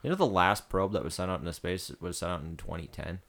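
A man's voice: deep voice, animated, fast, gravelly, fairly bright tone. Jokey young man hosting a podcast. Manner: jokey, laughs a lot, swears. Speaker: podcast host. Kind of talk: casual chat.

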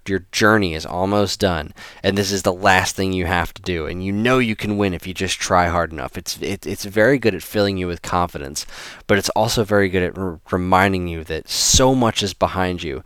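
A man with a very low, smooth voice, recorded close and dry. He talks casually and rambles, restarting sentences often while he gushes about a favorite track. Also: fairly bright tone, dry recording. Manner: rambling, many restarts, enthusiastic. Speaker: host presenting video game music. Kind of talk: casual spoken commentary.

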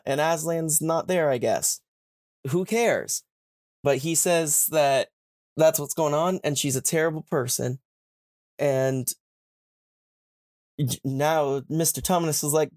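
A young man hosting a podcast, casually retelling a story and slipping into quick character voices. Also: fairly high pitch, no room sound, clean studio sound. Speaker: podcast host.

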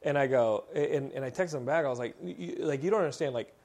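A man hosting a podcast in casual chat, telling stories in an animated way with many fillers. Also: mid-range voice, fast. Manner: animated storytelling, full of fillers and laughs. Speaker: podcast host.

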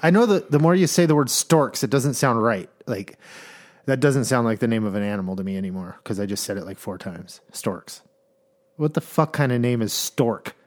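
A man's voice: medium pitch, expressive, normal speed. A man co-hosting a comedy podcast, goofy and laughing, cursing freely and slipping into silly voices. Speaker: podcast co-host. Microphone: studio microphone.

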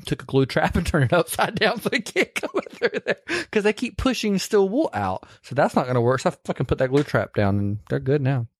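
A man with a slightly high, very animated voice chats casually on a movie podcast. He laughs a lot and swears freely. The sound is close and dry. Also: brisk, few pauses, slightly rough, no room sound. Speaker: podcast co-host. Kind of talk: casual chat.

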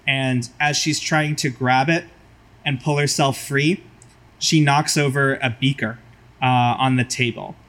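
A man's voice: mid-range voice, fairly even intonation, a little slow, a bit bright. A man narrating vividly as game master of a tabletop role-playing game.

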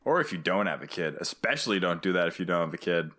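A man co-hosting a casual comedy podcast, sarcastic and deadpan, swearing freely. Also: deep voice, fast talker. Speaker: podcast co-host. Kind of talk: casual comedic recap chat.

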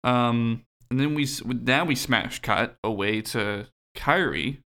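A man's voice: mid-range voice, takes it slowly, vocal fry, bright, forceful tone. A man co-hosting a casual podcast, recapping a game playfully with swearing and lots of ums. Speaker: podcast co-host. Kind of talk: casual chat.

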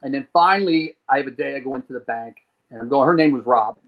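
A man's voice: medium pitch, quick pace, dull audio. A man from New Jersey, a podcast guest telling a long personal story, acting out the people in it and swearing casually. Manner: animated storyteller who acts out quoted people and swears casually.

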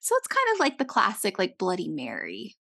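A woman's voice: lowish voice, huge pitch swings, fairly quick, gravelly, a bit bright, breathy edge, no echo, studio quality. A young woman co-hosting a podcast in casual chat, rambling with many fillers. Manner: chatty, filler-heavy with lots of "like". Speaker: podcast co-host.

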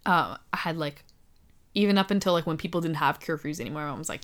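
Chatty young woman, lowish voice. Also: fast talker, a bit bright. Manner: chatty, many fillers, laughs often. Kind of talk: casual chat.

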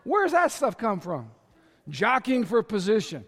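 High-voiced pastor preaching in a big hall. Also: male voice, measured pace. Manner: lively, storytelling, addressing the congregation directly. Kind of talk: sermon. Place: large church hall. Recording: long reverb of a large hall.

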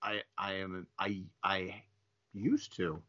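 A man who is a guest on a casual podcast, speaking haltingly as he searches for his words. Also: low voice, flat delivery, bright, forceful tone. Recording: dull lo-fi podcast audio.

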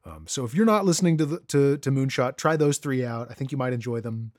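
A podcast co-host talks with a lively, swinging pitch and a close, dry sound. The delivery is casual and full of fillers. Jokes give way to a friendly run of show recommendations. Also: fast talker, dry recording. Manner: animated, joking, reads out show plugs. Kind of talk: casual chat.

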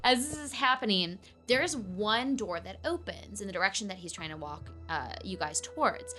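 A woman's voice: medium pitch, fairly bright tone. Casual woman narrating a tabletop game. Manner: casual, rambling, many fillers. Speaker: game master.

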